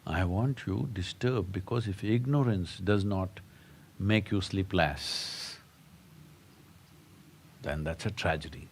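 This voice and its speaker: A man's voice: low-pitched, takes it slowly, creaky, pauses often, a little hiss or hum. A man giving a satsang talk as a spiritual teacher, telling stories and prodding his listeners with rhetorical questions. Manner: storytelling with jokes.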